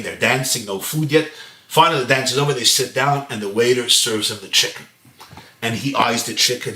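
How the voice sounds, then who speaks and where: A rabbi telling a story in a sermon, acting out the voices of the people in it. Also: male voice, lowish voice, sharp tone, reverberant. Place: home.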